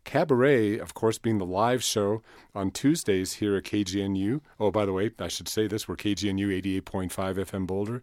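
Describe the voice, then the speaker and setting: A man hosting a live radio show from a studio, introducing it in a relaxed, conversational way with asides. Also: low voice, a little fast, no echo. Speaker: radio host.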